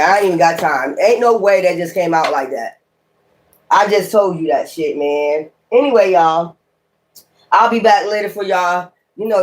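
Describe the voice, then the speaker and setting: A woman's voice: lowish voice, a little mellow. A woman tarot reader talking straight to her viewers in a blunt, heated rant full of cursing. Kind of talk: casual profane rant to viewers.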